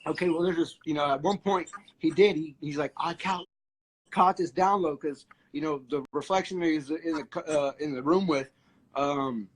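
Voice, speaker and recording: A man's voice: fairly high pitch, moderate pace, rough recording. Rambling man on a livestream. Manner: rambling, many fillers and restarts. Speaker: livestream host. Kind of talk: casual spiritual chat.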